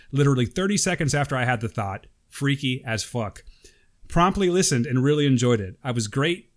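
A man co-hosting a podcast, chatting casually and reading a listener's email aloud with jokes. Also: mid-range voice. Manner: animated, jokey, reads listener mail aloud. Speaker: podcast co-host.

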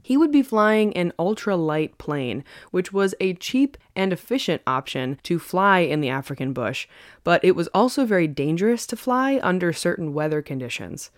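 A woman's voice: fairly low pitch, expressive, moderate pace, no echo. Chatty woman telling a story, dry sound. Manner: chatty, laughs often, tangents. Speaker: podcast co-host. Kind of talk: casual storytelling podcast.

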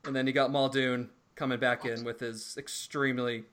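A man's voice: mid-range voice, level tone, normal speed, a bit bright. Easygoing man recapping in loose, rambling chat. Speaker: podcast co-host. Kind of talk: casual podcast banter.

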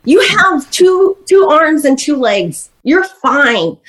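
A woman's voice: high voice, big pitch swings, brisk, voice pushed up. A woman voicing a furious mother who harshly scolds her young child. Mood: stern.

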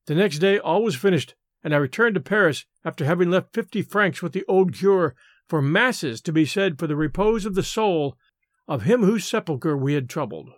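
A man reading classic stories aloud in a measured, dramatic narration. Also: high voice, lively intonation, no room sound, clean studio sound. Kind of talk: scripted story narration.

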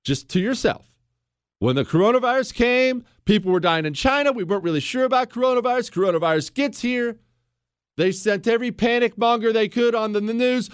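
A man hosting a political commentary show rants sarcastically and combatively straight at the listener, mocking others with put-on voices when quoting them. His voice is extremely high, smooth, and fairly quick, recorded in studio quality with no room sound.

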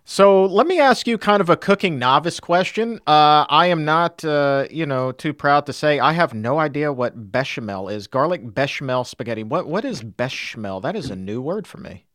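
A man's voice: on the high side, expressive, moderate pace, hardly any pauses, fairly bright tone, no room sound, clean studio sound. Playful American man hosting a podcast. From United States. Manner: playful and upbeat, jokey asides. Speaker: podcast host. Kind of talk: casual interview chat.

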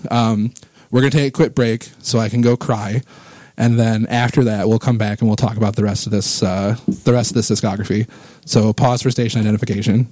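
Rambling with excitement, this podcast host gets choked up about his favorite albums on his casual music show. He's a man of thirty to forty-something whose medium, slightly mellow voice comes through a close microphone in a dry recording.

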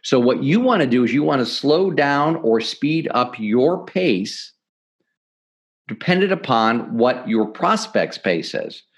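A middle-aged man, a podcast guest, explaining sales techniques in an energetic, emphatic coaching manner. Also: mid-range voice, slow. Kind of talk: podcast interview, teaching sales tips.

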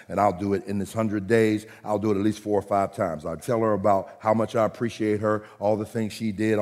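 A man preaching a sermon as pastor, animated and jokey, swinging between loud and soft. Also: mid-range voice, creaky. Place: church hall. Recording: reverberant hall recording.

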